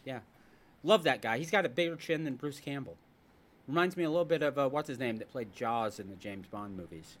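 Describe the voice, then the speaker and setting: A man's voice: mid-range voice, a little fast. A man hosting a casual podcast, telling stories and ranting with jokes. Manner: animated, ranting, jokey storyteller. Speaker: podcast host. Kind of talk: casual chat.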